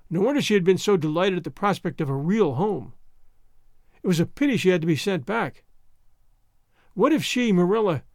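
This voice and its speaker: A man narrating a classic novel as an audiobook, in a measured, expressive storytelling manner. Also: sits high, dry recording, clean studio sound. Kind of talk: scripted narration.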